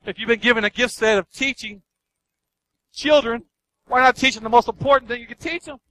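A male pastor delivering a sermon in a fairly high voice. He hammers points home by repeating them and briefly mimics the excuses people give. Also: sharp tone, poor audio. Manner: emphatic, repeats key lines, acts out excuses.

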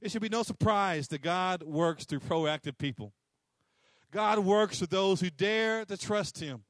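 A man's voice: high-pitched, measured pace, a bit bright, no echo, clean studio sound. A man preaching a sermon, emphatic and repetitive, acting out little quotes. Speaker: pastor.

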